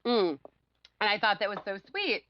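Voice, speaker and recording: A woman's voice: medium pitch, normal speed, muffled recording. A woman co-hosting a podcast, telling a story in casual chat and laughing often as she acts out what others said. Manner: animated, laughs often, acts out quotes loudly. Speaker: podcast co-host.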